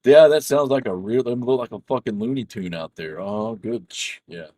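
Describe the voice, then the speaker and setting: A man's voice: medium pitch, normal speed, dark tone, no room sound. A middle-aged man chatting casually over voice chat while gaming, telling stories in a rambling, profane way full of restarts. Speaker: gamer chatting with a friend.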